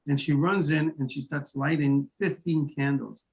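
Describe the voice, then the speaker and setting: A man's voice: a little high, steady tone, moderate pace, poor audio. A man being interviewed as the founder of a volunteer emergency service, telling a story with many restarts and repeated words. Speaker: guest, founder of an emergency medical volunteer group.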